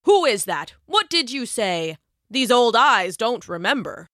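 A woman voicing a crafty old male lion king who fakes being sick, croaking and pleading in a feeble, slow storybook voice. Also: on the high side, big pitch swings, fairly bright tone, no room sound, clean studio sound. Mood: feigning weakness.

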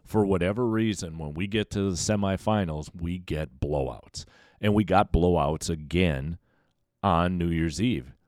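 A man's voice: low voice, a little mellow, dry recording, studio quality. A man hosting a solo sports podcast, giving emphatic, opinionated commentary that sometimes stumbles over repeated words. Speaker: podcast host.

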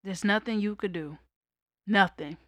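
A young woman voicing her gentle, dying grandmother, who speaks softly and calmly. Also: mid-range voice, a little slow, dry recording, natural voice.

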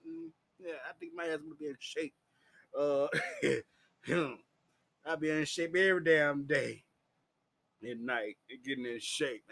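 A man's voice: on the high side, a bit bright. A man telling a raw, profane story to camera, laughing often and acting things out. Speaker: vlogger.

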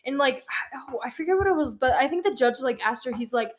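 A teenage woman co-hosting a podcast, relaxed and agreeable, telling stories with many fillers. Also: high voice, quick pace. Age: teens. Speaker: podcast co-host. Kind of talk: casual chat.

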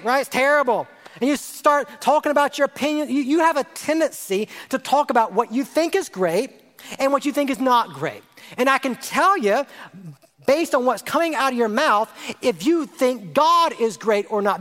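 A male pastor preaching a sermon, lively and rhetorical, repeating phrases and asking his congregation questions. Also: very high voice, moderate pace. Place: church sanctuary. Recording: long hall reverb.

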